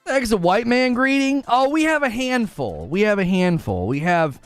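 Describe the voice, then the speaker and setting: High-voiced guy streaming, swoops all over, yells a lot, jokey. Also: moderate pace, clear, resonant tone, no room sound, soft background music. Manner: animated, jokey, often yelling. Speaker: live stream host. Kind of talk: casual live stream chat.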